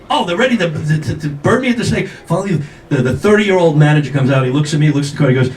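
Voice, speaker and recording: Animated and quick, with few pauses, an older man with a fairly high voice does stand-up at a comedy club. He mocks himself through stories and brashly acts out quotes while the audience laughs. The sound comes from afar in an echoey, noisy room.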